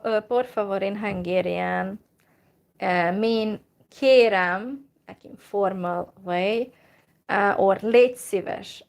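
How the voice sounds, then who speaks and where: Slow, careful woman teaching phrases. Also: medium pitch. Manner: slow and careful, repeats phrases, many fillers. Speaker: language teacher. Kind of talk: slow informal language lesson.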